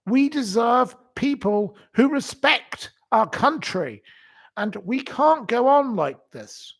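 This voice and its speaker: Slow, theatrical man ranting about politics. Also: sits high, big pitch swings, creaky. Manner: indignant and theatrical, swinging between loud outbursts and quiet asides; slow, drawn-out delivery with many fillers. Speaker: livestream host. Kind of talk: casual political rant to viewers.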